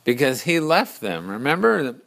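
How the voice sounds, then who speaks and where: Slow, deliberate male storyteller. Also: medium pitch, sing-song, creaky, a bit bright. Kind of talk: storytelling narration.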